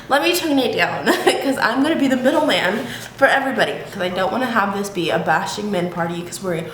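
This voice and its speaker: A woman's voice: on the high side, animated, brisk, fairly bright tone. A woman vlogging to camera at home in a casual chat, frank and profane, laughing often. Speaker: YouTube vlogger. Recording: echoey room, faint background hiss.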